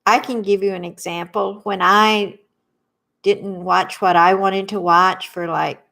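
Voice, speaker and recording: A middle-aged woman with a Southern accent leading a guided tapping workshop, speaking slowly and soothingly and having listeners repeat phrases after her. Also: mid-range voice, level tone, creaky, bright, forceful tone.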